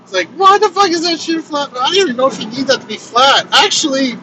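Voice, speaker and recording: A man casually telling his own story on a road trip vlog, animated and swearing freely. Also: very high voice, quick pace. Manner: animated, swears freely, acts out quoted lines. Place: inside a moving vehicle on a road trip. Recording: road noise from a moving vehicle.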